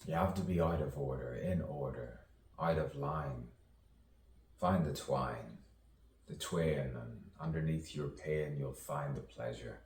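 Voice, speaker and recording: A man with a remarkably low voice recites a rambling spoken-word soliloquy, letting phrases repeat in slow rhythmic loops. He sits well back from the mic in a roomy, echoing space, with a faint hiss of background noise. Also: a little mellow, far from the mic. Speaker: poet.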